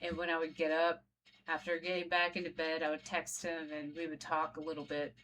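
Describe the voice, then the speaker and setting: A woman's voice: sits low, monotone, a little fast, a bit bright, slight background noise. A woman vlogger telling her own story in a casual, conversational way, talking straight to her viewers. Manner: conversational, addresses viewers directly.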